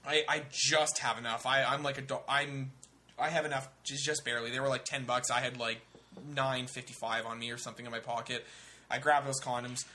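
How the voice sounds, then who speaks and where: Bright-voiced young man telling a story. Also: medium pitch, a little fast, a little hiss or hum. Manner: animated, profane, acts out other people's voices. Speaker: storyteller on a comedy talk show. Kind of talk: casual storytelling.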